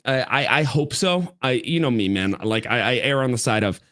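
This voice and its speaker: Blunt, animated man on a podcast. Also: medium pitch, no room sound. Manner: blunt and profane, quick asides. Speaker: podcast co-host. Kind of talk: casual chat. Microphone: headset.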